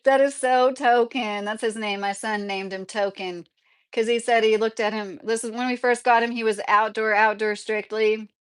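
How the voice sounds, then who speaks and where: A woman's voice: mid-range voice, level tone, moderate pace, fairly bright tone, smooth. A woman live streaming from home, chatting casually, reading out chat messages and laughing often. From Kentucky, USA.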